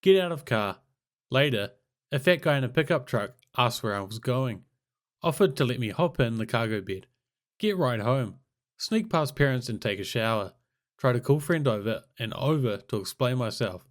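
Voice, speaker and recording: A man narrating a crude comic story in terse, deadpan, clipped fragments, reading from a script. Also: mid-range voice, moderate pace.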